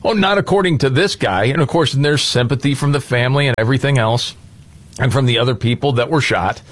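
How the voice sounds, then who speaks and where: A man's voice: mid-range voice, fairly quick. A man hosting a casual political talk show, speaking in a blunt, indignant way. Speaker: podcast host.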